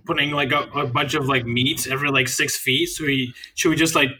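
A young man chatting casually about a movie, tossing in quick joking quips. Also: medium pitch, slight background noise. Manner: jokey, quick deadpan quips. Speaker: film commentary co-host. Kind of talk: casual movie commentary chat.

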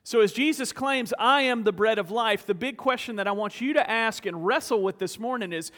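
A man's voice: high voice, brisk, few pauses, a bit bright. Man, pastor, earnest sermon, rhetorical questions, long church reverb. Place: church sanctuary.

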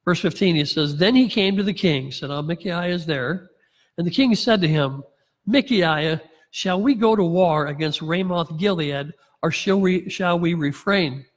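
A man's voice: fairly high pitch, unhurried, in a large hall. A man preaching as a pastor, reading scripture aloud and acting out the characters' lines with wry sarcasm and chuckles. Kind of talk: sermon.

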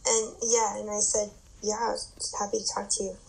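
A woman guest on a podcast, chatting casually and agreeably, quick to chime in. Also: medium pitch, little pitch movement, creaky, darkish tone, husky, poor audio. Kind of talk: casual chat.

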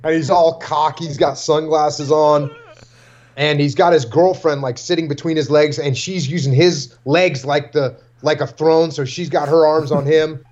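A man in his forties, a podcast host, telling lively stories in casual chat and acting out what family members said. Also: fairly high pitch, normal speed. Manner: animated storyteller acting out family quotes. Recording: dull lo-fi sound.

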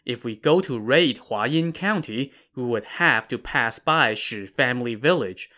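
A man's voice: medium pitch, expressive, unhurried, bright, forceful tone. A man voicing a cautious male bandit chief who warns earnestly, in a narrated story podcast.

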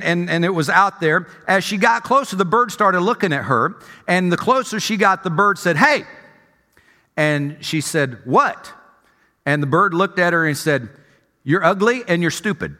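A man preaching a sermon as senior pastor, telling a story in an animated, conversational way, with a long church reverb. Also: high-pitched, moderate pace.

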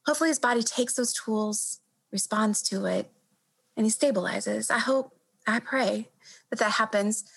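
A woman doctor in her thirties speaks in a fairly high voice, earnest and reflective. She talks haltingly, restarting and repeating words as she works out what she means. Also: vocal fry, fairly bright tone, husky, rough recording. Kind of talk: reflective interview answer.

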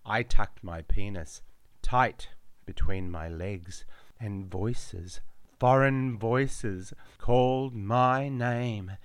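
Male narrator, deadpan storyteller, low voice, close dry sound. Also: very slow, no room sound. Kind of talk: scripted narration.

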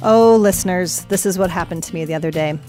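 A woman hosting a health podcast as a chiropractor, talking casually and telling stories with lively energy. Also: lowish voice, quick pace, soft background music. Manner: energetic, animated storytelling.

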